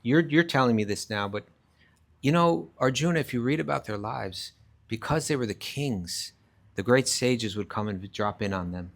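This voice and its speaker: A man's voice: mid-range voice, lively intonation, normal speed, creaky. A man teaching a live scripture class, explaining emphatically, restarting phrases often and reciting verses in Sanskrit. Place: class at a rural retreat centre.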